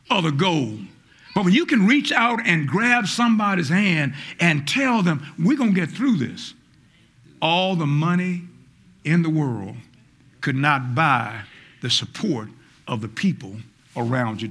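A male pastor preaching a fiery call-and-response sermon, stammering on repeated words and rising to shouts. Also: a little high, animated, measured pace. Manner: acts out quoted voices, stammers on repeated words.

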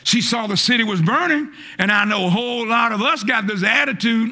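A male pastor preaching a fiery call-and-response sermon, stammering on repeated words and rising to shouts. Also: extremely high pitch, very animated, a little fast, hardly any pauses. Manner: acts out quoted voices, stammers on repeated words.

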